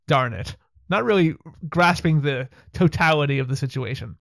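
A man recapping a TV episode with wry asides, chatty and quick to laugh. His voice sits a little high and sounds close and dry, with no room around it. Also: creaky, fairly bright tone, no echo. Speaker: podcast host.

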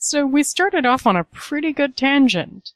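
A woman's voice: high voice, expressive, measured pace, a bit bright, no echo. Woman co-host, easygoing wry chat, dry close sound. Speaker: podcast co-host. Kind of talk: casual chat.

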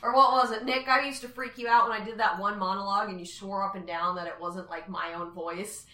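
Animated young woman, roomy and off-mic. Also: medium pitch, brisk, recorded from a distance. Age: young adult. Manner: animated storyteller, swears, laughs often. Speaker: podcast co-host. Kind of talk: casual chat.

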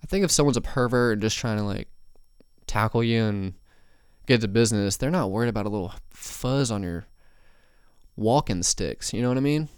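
Young male podcast host, loose and profane, smooth voice, dry close mic. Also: lowish voice, normal speed, dry recording. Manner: rambling, profane, many fillers and asides. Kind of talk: casual solo podcast rambling.

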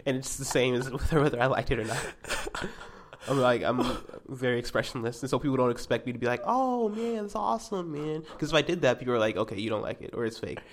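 A man's voice: medium pitch, steady tone, fast talker. A young man in casual chat, rambling and self-mocking as he tells stories to a friend.

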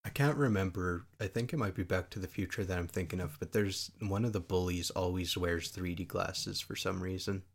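Very deep-voiced young man, rambling. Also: normal speed, gravelly, hardly any pauses. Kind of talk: casual chat.

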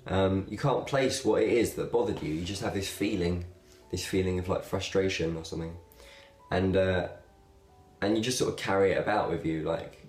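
Low-voiced young man, rambling. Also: normal speed, soft background music. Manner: relaxed, rambling, with fillers and laughs. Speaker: video blogger. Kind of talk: casual talk to camera. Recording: echoey room.

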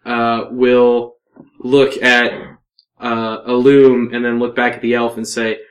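A man narrating as game master in a tabletop game, with many pauses and fillers. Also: mid-range voice, little pitch movement.

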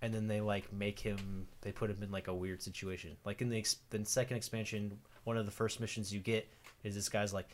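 Animated man telling a story. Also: lowish voice, brisk. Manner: animated storyteller, acts out quoted voices, laughs often. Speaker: podcast co-host. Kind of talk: casual chat.

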